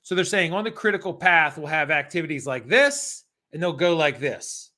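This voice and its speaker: A high-pitched American man with a bright, forward tone teaches a live exam prep session. He talks with energy and swings his pitch up and down a lot. He keeps calling out to viewers in the chat. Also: sing-song, moderate pace. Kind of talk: live-streamed Q&A lesson.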